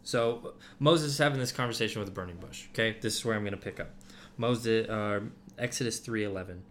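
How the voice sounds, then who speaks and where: A man's voice: on the low side, brisk, fairly bright tone, slight background noise. A man giving casual Bible teaching to a group, talking loosely with many fillers and restarts.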